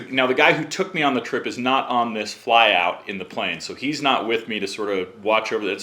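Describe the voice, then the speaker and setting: A man's voice: medium pitch, pushed and bright. A man, a podcast guest, telling a long story in a chatty way and acting out the voices of the people in it. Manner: chatty, acts out quoted voices. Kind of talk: casual storytelling.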